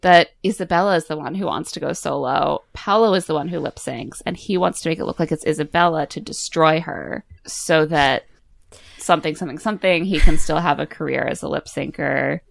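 A woman hosting a casual podcast chat, retelling a movie plot with lively storytelling. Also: deep voice, brisk, vocal fry. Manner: animated storytelling with mock quotes. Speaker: podcast host recapping a movie.

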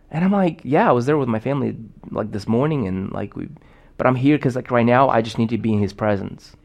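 A man's voice: medium pitch, normal speed, a little mellow. A young man preaching a sermon in a casual, storytelling way, full of fillers and restarts. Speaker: pastor.

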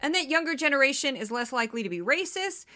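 A woman in her fifties hosting a commentary podcast, animated and self-deprecating, laughing often. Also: high voice, fast talker. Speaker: podcast host.

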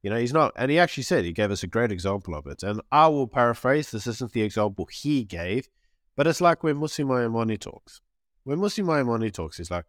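A man's voice: mid-range voice, animated, fast, no echo, clean studio sound. A man co-hosting a podcast in casual chat, talking in an opinionated way and sometimes acting out what others said. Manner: opinionated, acts out quotes in other voices. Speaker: podcast co-host.

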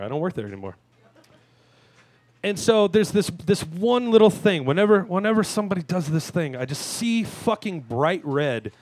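A man in his thirties hosting a live talk show, delivering a crude, self-mocking comic monologue with sudden shouted rants. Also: fairly high pitch. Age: 30s. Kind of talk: stand-up style monologue. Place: live venue stage.

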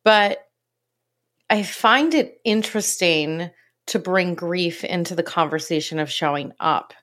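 A woman's voice: on the low side, a bit bright. A woman hosting a podcast interview, enthusiastic and affirming, who asks her guest open questions. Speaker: podcast host.

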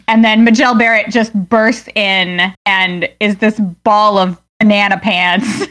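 A woman co-hosting a casual podcast chat, animated and laughing often. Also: mid-range voice, takes it slowly. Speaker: podcast co-host, Star Trek veteran.

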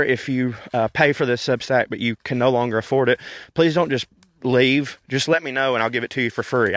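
A man's voice: medium pitch, dry recording. Profane, wry man ranting outdoors. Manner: profane, wry and animated, laughing between points. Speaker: podcast host. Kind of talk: casual walking rant. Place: outdoors walking in a park.

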